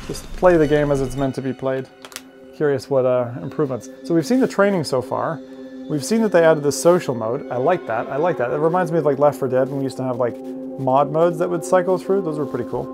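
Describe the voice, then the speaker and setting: A man streaming a VR game, chatting casually and reading viewer messages aloud. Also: fairly high pitch. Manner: rambling, chatty, reads chat aloud. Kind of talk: casual live-stream chat.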